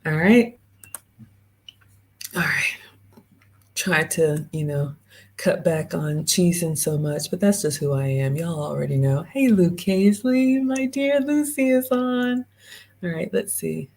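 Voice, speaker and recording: A woman's voice: sits low, measured pace, gravelly, pauses often, darkish tone, slightly rough. A woman hosting a live-streamed travel vlog, chatting straight to her viewers and reading out their comments. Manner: chatty, talks straight to viewers and reads out chat. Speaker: host.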